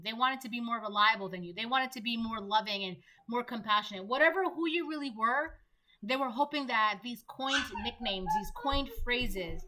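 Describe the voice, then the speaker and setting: Bright-voiced woman giving a rambling tarot reading. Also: fairly high pitch. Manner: rambling, peppered with "right?" and "um". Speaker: tarot reader. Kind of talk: casual spoken tarot reading.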